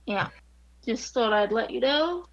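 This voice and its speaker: A woman's voice: a little high, lively intonation, a little slow, creaky, highs cut off, crowd noise. A woman playing a tabletop game, speaking in a hesitant, wry way. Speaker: player. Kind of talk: tabletop role-play.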